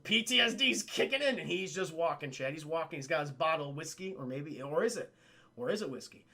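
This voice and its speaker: A man with a high, sharp, forceful voice recaps a film for his livestream chat. He tells it in an excitable, profane rush and keeps turning to speak to the chat. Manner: excitable, profane retelling that often addresses the chat.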